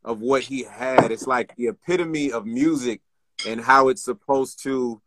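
A man's voice: mid-range voice, unhurried, fairly bright tone. A man who is a guest on a casual interview over a video call, answering in a thoughtful, laid-back and friendly way.

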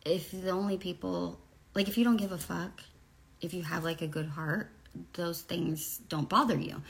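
A woman's voice: lowish voice, creaky. A woman in her forties talking candidly to camera, blunt and profane, rambling through personal stories. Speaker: vlogger.

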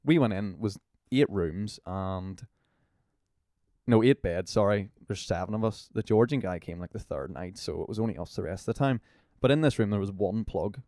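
A man's voice: on the low side, normal speed, dark tone, no echo, studio quality. A young Northern Irish man chatting as a podcast guest, telling rambling anecdotes full of swearing and fillers. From Northern Ireland. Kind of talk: casual storytelling chat.

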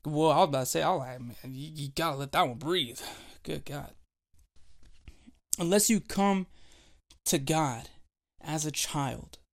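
Man preaching, somewhat high-pitched, animated storyteller, young adult. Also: gravelly. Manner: animated storytelling, acting out voices and laughing. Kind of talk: devotional sermon with a personal story.

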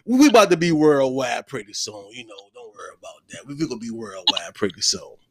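A man hosting a podcast interview in a relaxed, slangy way, often repeating his phrases. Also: medium pitch, fast, vocal fry, no room sound, clean studio sound. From Virginia, USA. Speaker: podcast host. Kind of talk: casual interview chat.

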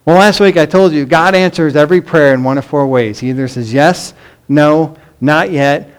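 Middle-aged male pastor, earnest emphatic sermon delivery, slightly high voice. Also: moderate pace, clean tone. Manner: earnest, emphatic preaching with rhetorical questions.

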